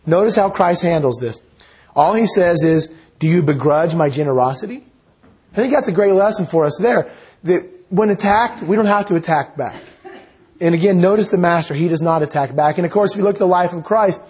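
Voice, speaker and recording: Guy preaching a sermon, higher voice kinda husky, earnest and measured. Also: darkish tone. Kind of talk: sermon with scripture reading.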